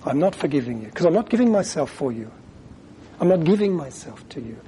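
A man preaches a sermon, his voice slightly high for a man yet mellow in tone. He talks earnestly, with pauses, and sometimes acts out the lines he quotes. A faint noise hums behind him. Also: very animated.

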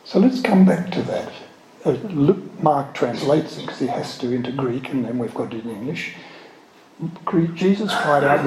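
A man's voice: mid-range voice, lively intonation, reverberant, a crowd in the background, poor audio. A man preaching a sermon and explaining words step by step, stopping now and then for asides. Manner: slow, explanatory, with word studies and asides.

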